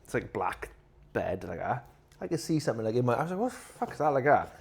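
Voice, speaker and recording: A man co-hosting a casual podcast chat, telling animated stories full of swearing and acting out his own reactions. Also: medium pitch, quick pace, creaky. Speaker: podcast co-host.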